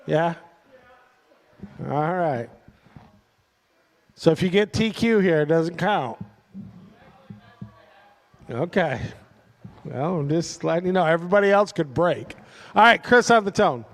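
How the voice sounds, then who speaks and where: A man's voice: a little high, animated, takes it slowly, pauses often, in a large hall. A man announcing a radio-control car race live, calling positions and chatting casually with the drivers by name.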